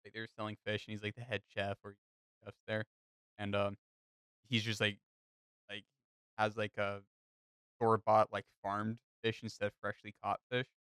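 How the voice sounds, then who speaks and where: A man's voice: lowish voice, monotone, normal speed, long pauses, a bit bright, clear, resonant tone, dry recording. A young man in casual podcast chat, telling a long rambling story full of fillers and swearing.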